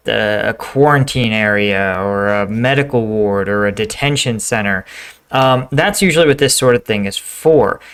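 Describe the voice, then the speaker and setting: A man's voice: medium pitch, a bit bright, smooth. A middle-aged man hosting a reaction video, talking casually and acting out quoted lines. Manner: conversational, says "right?" and "like" often, acts out quoted lines.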